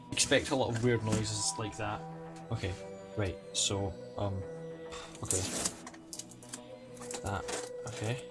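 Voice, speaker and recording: A man with an excitable, chatty manner and self-mocking asides, giving casual unboxing commentary as a toy collector vlogger. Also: lowish voice. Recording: music playing underneath. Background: background music.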